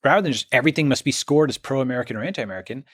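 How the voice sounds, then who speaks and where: A man's voice: mid-range voice, lively intonation, very fast, a bit bright, dry recording, studio quality. A man speaking as an interview guest, emphatic, often checking in with "okay?" and "right?". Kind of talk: conversational interview.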